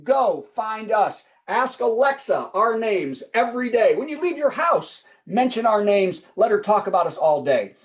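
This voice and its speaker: A man hosts a comedy show over a video call, cracking jokes and laughing between his lines. His voice sits very high, and his pitch swings up and down a lot. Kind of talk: casual emcee patter.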